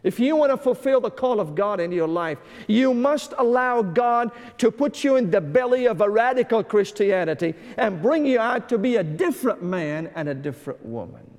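A fervent male pastor from Syria delivering a sermon in a fairly high voice. He swings between rousing calls and hushed, tearful intensity. His voice rings out with a long reverb, as in a church hall. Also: expressive, moderate pace, hardly any pauses. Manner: impassioned preaching, dropping to hushed intensity.

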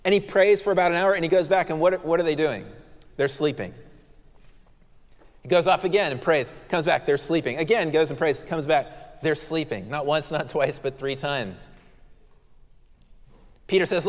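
A pastor giving an expository sermon in a church, explaining the text with conversational asides. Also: male voice, on the high side, moderate pace, long pauses. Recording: long reverb of a church hall.

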